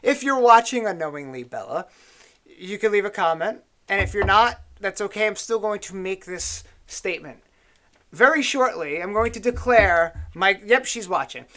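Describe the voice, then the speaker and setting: A man's voice: sits high, normal speed. Rambling, profane man. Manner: rambling, profane, animated storytelling. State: tipsy on whiskey. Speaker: show host. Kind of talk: casual political chat.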